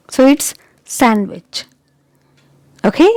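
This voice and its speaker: A woman teaching English pronunciation who says each word slowly and deliberately, repeats it, and keeps checking in with "okay?". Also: high voice, animated, a little mellow, dry recording. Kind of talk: pronunciation lesson.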